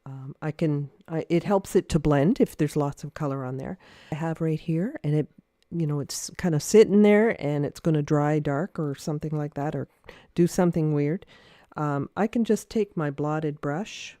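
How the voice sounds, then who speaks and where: A woman giving a casual livestream watercolor lesson, thinking aloud with many fillers in a gentle, encouraging way. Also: low-pitched, normal speed, dry recording, studio quality. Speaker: watercolor art teacher. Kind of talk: casual painting demonstration livestream.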